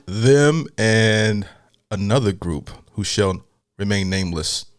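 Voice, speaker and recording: A man's voice: fairly low pitch, lively intonation, slow pace, background noise. A man hosting a reaction video, chatting casually and hyping up the clip he is watching. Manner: hyped, chatty. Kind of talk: casual commentary.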